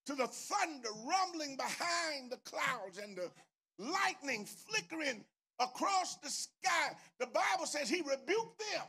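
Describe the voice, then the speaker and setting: Older man preacher, very high voice, slow drawn-out whooping sermon, bright edge, sings and shouts lines. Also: very animated. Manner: chanting, shouting and half-singing hymn lines. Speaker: bishop preaching.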